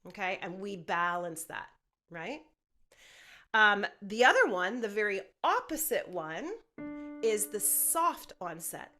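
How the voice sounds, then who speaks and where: A woman's voice: mid-range voice, big pitch swings, takes it slowly, bright, forceful tone, faint music behind. A woman voice teacher leading a group singing lesson, explaining technique and often checking in with "okay?". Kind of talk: singing lesson with sung demonstrations.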